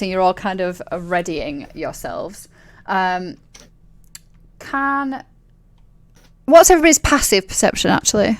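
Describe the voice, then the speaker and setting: A woman's voice: mid-range voice, sing-song, unhurried, long pauses. A woman narrating as game master of a tabletop game, chatty and playful, with lots of fillers and laughs.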